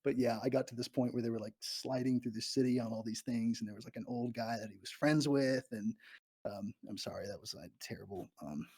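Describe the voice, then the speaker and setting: Jittery, giggly man with a husky voice. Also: mid-range voice, a little fast, darkish tone. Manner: nervous, rambling, giggly, self-deprecating. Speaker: YouTuber livestreaming to fans. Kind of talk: live Q&A chat reading viewer questions. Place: abandoned morgue, indoors.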